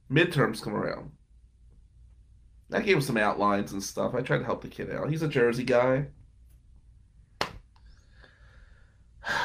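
A man's voice: mid-range voice, gravelly. A man casually telling wry stories about past roommates and girlfriends, with frequent laughing asides. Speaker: podcast guest telling stories. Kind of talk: casual storytelling.

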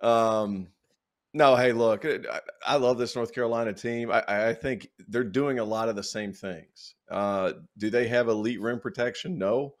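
A man's voice: mid-range voice, normal speed. Joking man with a Southern accent. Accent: American South. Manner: rambling, joking, restarts. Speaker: podcast co-host. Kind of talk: casual sports banter.

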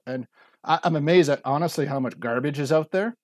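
A man's voice: a little high, fairly quick, darkish tone, no echo, studio quality. A man in his forties telling his story earnestly as a podcast guest, acting out quoted speech. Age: 40s. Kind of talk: casual interview talk.

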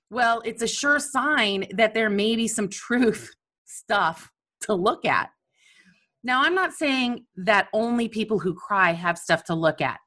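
A woman coach speaking in a candid, animated, self-mocking personal monologue about her own feelings. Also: medium pitch.

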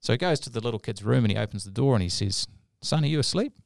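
Man, podcast co-host, gravelly, casual rambling storytelling, dry sound. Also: on the low side, very fast, darkish tone, dry recording. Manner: rambling, many fillers and restarts.

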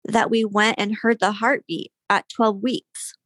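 A woman's voice: medium pitch, flat delivery, unhurried, fairly bright tone, no echo, studio quality. A young woman guest telling a personal story in casual conversation, candid, with frequent fillers and sighs.

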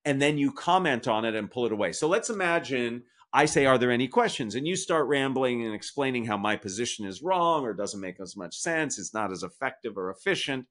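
A man's voice: mid-range voice, expressive, a little fast, few pauses, a bit bright. A middle-aged man speaking as an interview guest with a mid-range voice. He lays out his advice step by step in a methodical way and recaps his key points. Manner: structured, explanatory, summarizes his points. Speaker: communication author and guest. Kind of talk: podcast interview answer.

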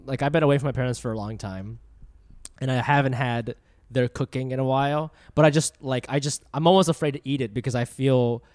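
Fast-talking man in a dry, close sound. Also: medium pitch, steady tone, darkish tone, dry recording. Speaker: podcast co-host. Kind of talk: casual podcast chat.

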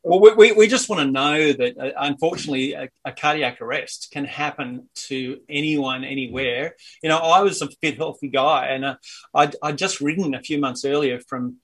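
A man's voice: a little high, moderate pace, fairly bright tone, breathy edge. A man with an Australian accent, talking in an upbeat, easygoing way as an interview guest. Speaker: guest, cardiac arrest survivor. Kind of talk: casual interview chat.

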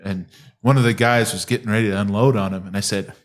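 A man from Utah, a diagnostics instructor and guest, talking in a measured, dry way. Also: fairly low pitch, fairly even intonation. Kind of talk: casual interview.

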